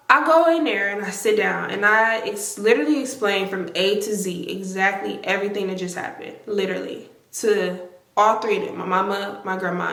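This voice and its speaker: A woman in her twenties telling a story to her viewers, animated and emphatic, with lots of swearing. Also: mid-range voice. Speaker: vlogger. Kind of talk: casual storytime. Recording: roomy echo.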